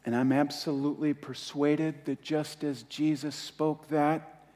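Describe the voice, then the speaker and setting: A man preaching a sermon as pastor, impassioned, repeating key phrases and letting his voice rise and fall with pauses. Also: a little high, flat delivery, a little mellow, in a large hall.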